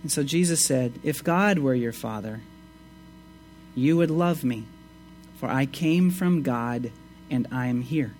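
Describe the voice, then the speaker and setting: A man preaching a sermon, reading scripture and explaining it with emphatic rises and quiet asides. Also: measured pace, pauses often, soft background music. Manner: expressive, swings between emphatic rises and low asides. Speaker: pastor.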